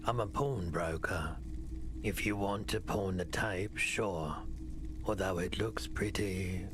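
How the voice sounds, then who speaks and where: An actor playing a blunt, middle-aged pawnbroker in a video game. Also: male voice, low-pitched, slow pace, background noise.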